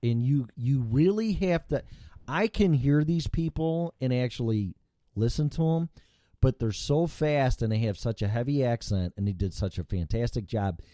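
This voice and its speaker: Man hosting a talk show, mellow voice, dry sound, rambling, swears a lot. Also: mid-range voice, normal speed, no echo. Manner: rambling, profane, with frequent restarts. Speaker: show host. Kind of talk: casual podcast chat.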